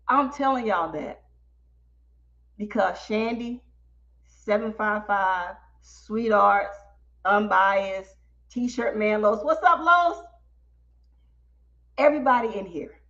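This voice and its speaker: A woman podcast host telling a story on a live stream, animated and talking straight to her audience. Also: mid-range voice, measured pace, creaky, pauses often, highs cut off. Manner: animated, talks directly to the audience.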